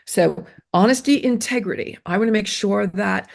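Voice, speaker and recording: At a normal speed, with medium pitch and vocal fry, a middle-aged woman gives earnest advice on self-esteem in an interview. She's emphatic, says the same phrases more than once, and keeps restarting and using fillers.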